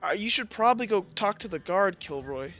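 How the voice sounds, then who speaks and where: A man voicing a gentle, regretful woman supplier who speaks hesitantly and apologetically, in a slightly muffled recording. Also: high voice, expressive, a little fast, faint music behind.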